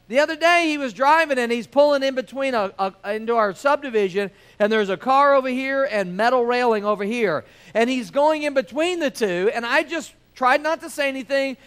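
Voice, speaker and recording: A man in his forties preaching to his church in a high, smooth, clear voice. He talks in an easy, joking way and keeps asking the congregation for an amen. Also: fairly bright tone. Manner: conversational, joking preacher with audience call-outs. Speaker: pastor. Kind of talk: sermon. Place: church sanctuary with balcony.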